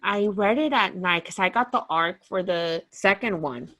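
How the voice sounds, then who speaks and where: A woman's voice: on the low side, normal speed. Gushing woman chatting about books. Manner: gushing, emotional, animated storytelling. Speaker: podcast co-host. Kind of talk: casual book chat.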